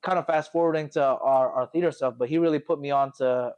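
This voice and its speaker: A young man hosting a podcast, chatting casually and telling lively stories while mimicking other people's voices. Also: medium pitch, fairly quick, smooth, lo-fi sound. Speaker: podcast host. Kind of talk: casual chat.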